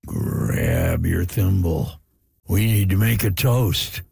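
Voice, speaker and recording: A man's voice: low-pitched, huge pitch swings, creaky, a little mellow, husky, dry recording, clean studio sound, exaggerated voice. A man playing a gritty, growly, whiskey-soaked Mother Nature. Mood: gravelly toasting. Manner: slow, drawling, half-whispered toasts. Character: cranky, angry, exhausted whiskey-drinking Mother Nature. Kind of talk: scripted podcast drama.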